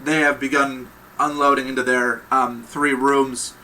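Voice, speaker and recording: A man running a tabletop horror game as game master, narrating with loose, halting restarts. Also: mid-range voice, level tone, bright, forceful tone, rough recording.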